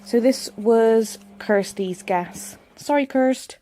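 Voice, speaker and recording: A woman's voice: medium pitch, steady tone, a little slow, a little mellow. A young heavily pregnant woman chatting casually to camera at home, chatty and self-deprecating. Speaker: vlogger. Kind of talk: casual vlog chat to camera. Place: home, indoors, washing machine running. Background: washing machine hum.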